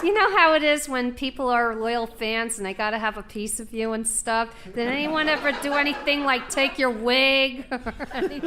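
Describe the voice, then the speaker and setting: A woman's voice: high-pitched, normal speed, hardly any pauses, very noisy. A woman in a comedy club audience asking a hesitant, giggly question.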